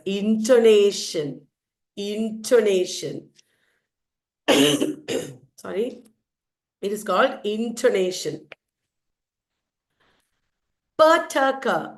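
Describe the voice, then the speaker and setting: A woman teacher with an Indian English accent, quizzing her students and repeating the answers emphatically. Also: medium pitch. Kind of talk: lecture with questions to students.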